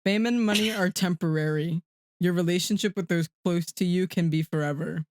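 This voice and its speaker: A young man co-hosting a podcast, sharing earnest opinions in a casual, halting way. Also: high-pitched, no room sound. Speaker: podcast co-host. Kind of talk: casual chat.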